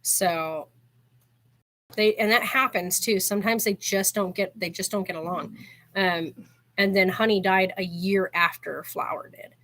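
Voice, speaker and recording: Unhurried and fairly bright, a woman's mid-range voice carries her storytelling on her own channel. She keeps it casual and chatty, sprinkling "like" everywhere and laughing as she talks.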